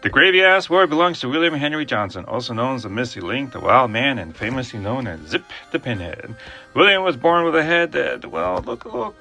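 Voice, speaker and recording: A man's voice: mid-range voice, brisk, faint music behind. A man telling a humorous historical story, with playful asides and jokes about his own mistakes. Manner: jokey asides, playful and animated.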